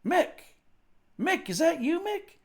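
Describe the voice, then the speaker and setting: A man's voice: very high-pitched, big pitch swings, unhurried, darkish tone, pitched above the performer's own voice, exaggerated voice. A man putting on the voice of a jumpy armed border patrol officer who barks orders and then stares in disbelief. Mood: incredulous. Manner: barking, then stunned and incredulous.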